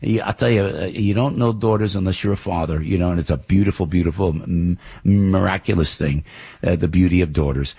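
Older male radio host, New Jersey accent, husky and a bit low, animated storyteller. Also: fairly quick. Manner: rambling storytelling, animated, many restarts. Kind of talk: morning radio monologue.

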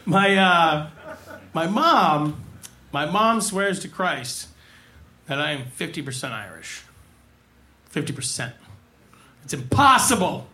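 A male stand-up comedian with a dry, drawn-out deadpan delivery. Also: a little high, echoey room, a little hiss or hum.

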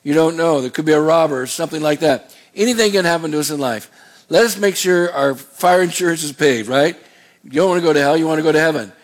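A man's voice: fairly high pitch, fast talker. A male pastor preaching a sermon in a folksy, digressive and earnest way. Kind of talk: sermon with scripture reading.

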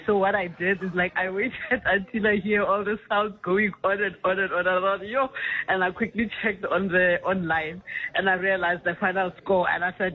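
A middle-aged South African woman calling in to a radio show by phone, excitable and laughing often. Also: mid-range voice, normal speed. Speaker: caller. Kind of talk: phone-in chat. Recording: muffled phone line.

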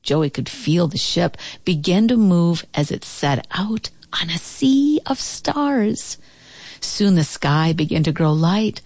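A woman narrating a children's storybook aloud, expressive with dramatic pauses. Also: fairly low pitch, no room sound.

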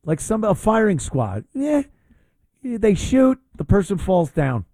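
Mocking male talk host, lively pitch. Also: slow pace, no echo. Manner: mocking, rambling with fillers. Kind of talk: opinionated talk show monologue.

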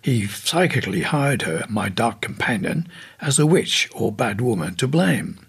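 A man's voice: medium pitch, sing-song, a little slow, gravelly, breathy edge. A man narrating an audiobook in a scripted reading, voicing quoted speakers in turn.

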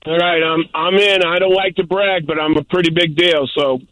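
A man's voice: a little high, fairly even intonation, normal speed, a crowd in the background, poor audio. An older man calling in to a radio show, telling a rambling, boisterous story. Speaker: caller. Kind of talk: call-in radio chat.

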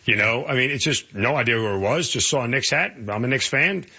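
Man hosting sports radio, quick and bright, a bit husky, muffled broadcast sound. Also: medium pitch, expressive. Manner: brisk, takes calls. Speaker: sports radio host taking calls.

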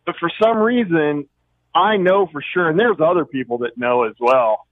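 A man's voice: fairly high pitch, moderate pace. A man from Oregon calling in to a radio show, earnest and rambling as he shares a theory. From Oregon, USA. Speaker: caller. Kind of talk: phone-in call. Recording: tinny phone line.

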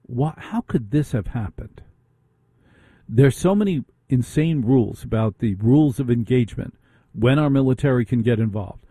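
He rants through a talk radio monologue, firing off one rhetorical question after another. His mid-range voice sounds dark and husky, captured close and dry with no echo.

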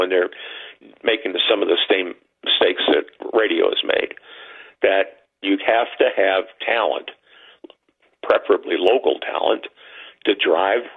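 A man's voice: mid-range voice, vocal fry, slightly rough. A man talking as a guest in a casual interview over the phone, making his points emphatically and repeating them for effect. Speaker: guest, former radio executive. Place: home with a dog nearby. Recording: tinny phone line.

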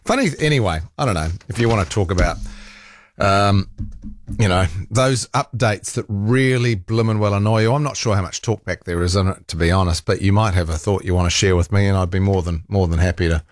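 A man with a low, brisk voice hosts a talkback radio show, chatting casually on air as he tells a rambling, exasperated story full of laughs and mild swearing.

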